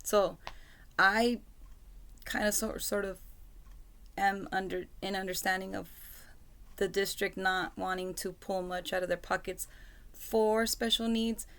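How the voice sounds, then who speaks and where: A mother with a school-age son vlogs casually to her computer's webcam at home, rambling, apologizing often and using lots of fillers. Her mid-range voice is fairly bright and fairly even in intonation, unhurried, with long pauses.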